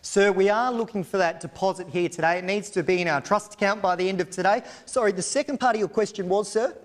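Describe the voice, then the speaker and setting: Speaking fast, a male auctioneer reads out auction terms and pitches a property in confident, formal, fluent patter. A long hall reverb trails his voice.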